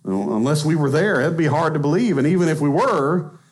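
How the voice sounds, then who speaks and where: A man's voice: a little high, expressive, moderate pace. A man in his thirties with a Texan accent, preaching a conversational sermon in a church and laughing at himself now and then. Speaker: pastor. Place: church sanctuary.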